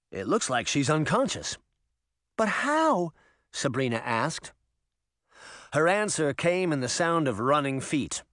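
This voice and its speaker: A man giving an expressive, dramatic audiobook narration. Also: mid-range voice, dry recording, studio quality. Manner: dramatic, animated reading.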